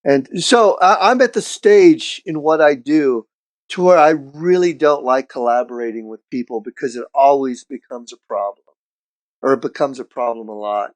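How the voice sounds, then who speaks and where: A middle-aged man, a street artist guest on a podcast, telling stories in a casual, profane, animated way and acting out what people said. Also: medium pitch, normal speed. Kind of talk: casual storytelling chat.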